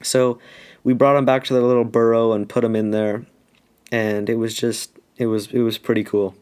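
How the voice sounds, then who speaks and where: Man, from Alaska, casual rambling story, slangy, lots of "like", mid pitch. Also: level tone, moderate pace, a little mellow, smooth. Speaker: YouTuber telling a life story.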